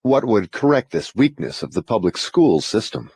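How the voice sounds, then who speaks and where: A man's voice: lowish voice, sing-song, moderate pace, vocal fry, a little mellow, slightly rough, heavily acted. A man playing a formal, demanding interrogator who questions with insistence in an audiobook dramatization.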